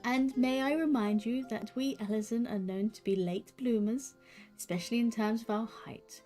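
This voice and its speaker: A woman voicing a proud young male elf scholar, with measured, formal speech. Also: on the high side, dark tone, faint music behind, close to an everyday voice. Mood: prim.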